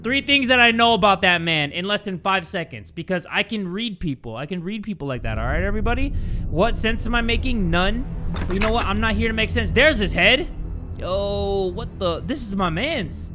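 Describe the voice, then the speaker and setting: A young man doing let's-play commentary, excitable and crude, joking loudly at the screen. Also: high-pitched, moderate pace, over music. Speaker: gaming YouTuber.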